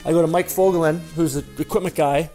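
A former hockey player telling a story in a casual, rambling way, with a self-deprecating tone and frequent fillers and restarts. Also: male voice, fairly high pitch, fairly even intonation, quick pace, mellow, soft background music.

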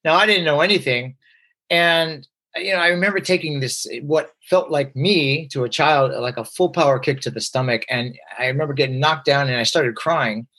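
At a normal pace and with a somewhat high voice, this man shares a personal story as a guest, animated and filler-heavy, imitating the people he quotes.

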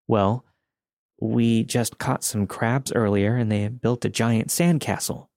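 A man's voice: medium pitch, fairly even intonation, takes it slowly, darkish tone, no room sound, clean studio sound. A man voicing a young mother, polite and protective of her sleeping kids, in a raised voice.

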